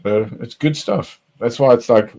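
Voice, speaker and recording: A man's voice: medium pitch, unhurried, creaky, a little mellow, rough recording. A man chatting casually, rambling and repeating himself, swearing often. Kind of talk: casual chat.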